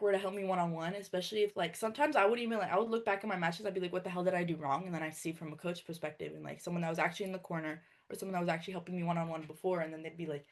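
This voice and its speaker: Fast-talking young woman, lively storyteller. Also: on the low side. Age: young adult. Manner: fast, filler-heavy, animated storytelling with quoted dialogue. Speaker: former college wrestler and coach. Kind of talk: casual conversation.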